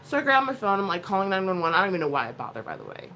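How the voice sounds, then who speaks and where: Blunt, animated woman telling a story. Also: medium pitch, racing, a little hiss or hum. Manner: rambling, swears often, blunt and animated. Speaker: vlogger, mother. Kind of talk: casual storytelling vlog.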